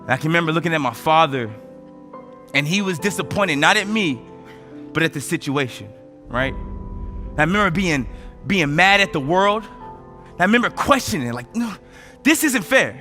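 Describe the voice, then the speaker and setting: A man's voice: fairly high pitch, moderate pace, long pauses, soft background music. A man in his thirties from the United States giving a motivational speech, telling stories with rising energy. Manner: energetic storytelling, voice rising with emotion. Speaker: motivational speaker.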